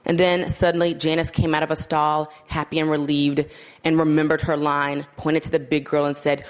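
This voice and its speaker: Woman reading a literary story aloud. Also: low-pitched. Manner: measured, steady narration. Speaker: narrator.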